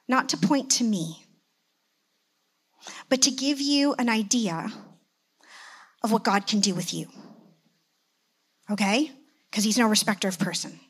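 A middle-aged woman telling a personal testimony in a sermon, acting out the conversations with sudden jumps in pitch. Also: breathy edge. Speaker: church elder and speaker.

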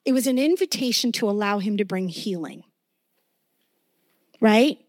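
A woman's voice: mid-range voice, expressive, unhurried, darkish tone, dry recording, studio quality. A woman giving a sermon with personal testimony, talking earnestly and conversationally and often checking in with her listeners. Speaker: preacher.

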